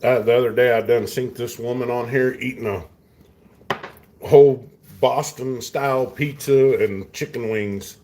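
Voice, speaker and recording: A man's voice: medium pitch, steady tone, unhurried, dark tone, slight background noise. A middle-aged man with a West Texas accent, chatting casually with viewers over dinner in a laid-back, drawling way. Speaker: host. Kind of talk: casual chat while eating dinner.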